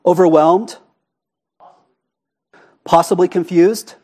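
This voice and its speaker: Animated high-voiced preacher. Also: male voice, slow pace. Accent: Arizona. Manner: animated and conversational, often asking the congregation questions. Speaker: pastor. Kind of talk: sermon. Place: church sanctuary.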